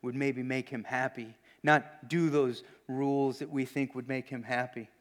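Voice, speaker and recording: A man preaching a sermon in an earnest, questioning way, often dropping to hushed emphasis. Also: mid-range voice, flat delivery, a little slow.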